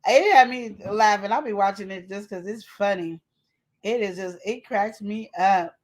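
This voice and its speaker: A woman's voice: mid-range voice, normal speed. A woman hosting a casual live show, chatting and teasing as she talks straight to her viewers. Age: adult with a child. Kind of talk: casual live-stream chat.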